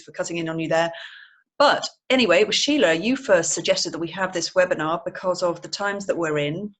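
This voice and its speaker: A woman hosting an online webinar over a video call, chatty with many fillers. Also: on the low side. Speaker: webinar host.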